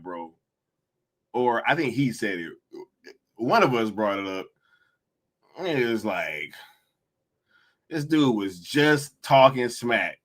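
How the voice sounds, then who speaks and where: A young man hosting a live stream, chatting casually and mocking online critics in slangy, animated talk with frequent laughter. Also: mid-range voice, slow, long pauses.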